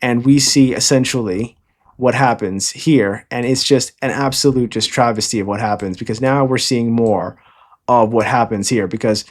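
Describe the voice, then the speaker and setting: A man's voice: medium pitch, moderate pace. A man casually retelling a comic chapter in a loose, rambling way, often tagging his lines with "all right?". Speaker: manga reviewer.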